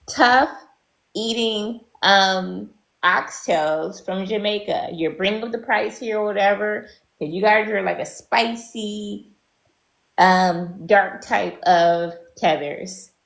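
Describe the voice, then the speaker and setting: Slow, gravelly-voiced woman panelist. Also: medium pitch, a bit bright, roomy sound, low-quality recording. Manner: blunt, scornful, many fillers. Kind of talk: opinionated online panel talk.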